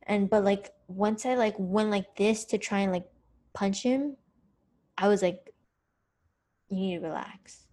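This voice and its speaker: A young adult woman co-hosting a podcast, telling a personal story in a candid, profane, animated way. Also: medium pitch, unhurried. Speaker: podcast co-host. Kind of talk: casual storytelling chat.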